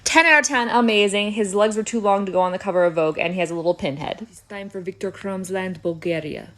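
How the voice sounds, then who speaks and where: A young woman giving comedic reaction commentary, wry and playful, full of sarcastic asides. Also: medium pitch. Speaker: YouTuber.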